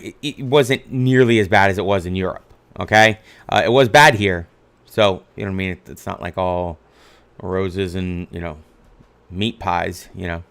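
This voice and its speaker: A man teaches a history class in an easygoing, rambling manner. His voice sits slightly low and comes across clean and smooth. He leans on fillers and keeps checking in with "right?". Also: a bit bright. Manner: casual, rambling, filler-heavy with frequent "right?". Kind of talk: lecture over slides.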